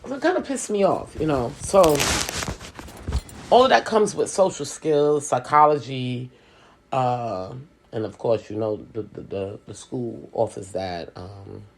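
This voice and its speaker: A middle-aged woman and sales professional, chatting casually and telling a story in an animated way, with lots of "you know.". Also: rumbling low, measured pace, slightly rough. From Hispanic and Native American heritage, US. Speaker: school speaker, sales professional.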